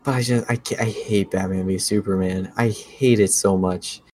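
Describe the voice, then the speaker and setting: A man's voice: lowish voice, steady tone, normal speed, darkish tone. A young man chatting casually about movies, ranting and sarcastic.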